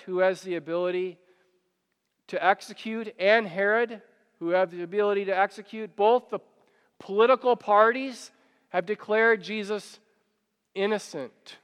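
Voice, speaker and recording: Male pastor, high resonant voice, earnest sermon delivery with a long hall reverb. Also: fairly bright tone, smooth. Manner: earnest, repeats and stammers when worked up.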